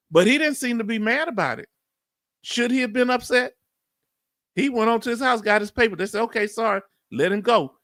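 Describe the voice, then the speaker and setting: A man's voice: high-pitched, a bit bright, no echo, clean studio sound. Southern man hosting a live Q&A. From United States. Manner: casual, conversational, laughs often. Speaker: livestream host. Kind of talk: live Q&A, reading and answering chat comments. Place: Texas.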